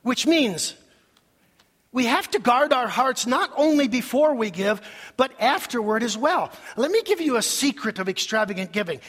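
Male pastor, husky, high-voiced, sermon in a reverberant church. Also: normal speed. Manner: animated preaching with acted-out quotes. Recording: long hall reverb.

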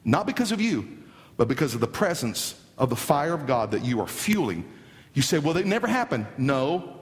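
A man preaching a sermon dramatically, swinging from hushed lines to near shouts. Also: mid-range voice, very animated, normal speed. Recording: long hall reverb.

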